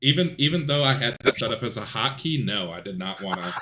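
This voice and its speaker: A man hosting a podcast, talking casually about sim racing and telling rambling, animated stories. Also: mid-range voice, fast. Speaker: podcast host.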